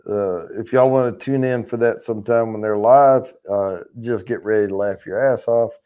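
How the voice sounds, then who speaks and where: A man's voice: lowish voice, moderate pace, dark tone, clean tone. A man hosting a casual livestream, rambling and chatting with viewers in the chat, swearing freely as he talks. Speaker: livestream host.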